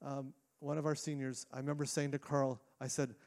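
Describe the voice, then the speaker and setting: A middle-aged man, a lead pastor, preaching a sermon in a church with earnest delivery, restarting phrases and shifting between quick and slow phrasing. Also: mid-range voice, little pitch movement, a little mellow. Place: church sanctuary.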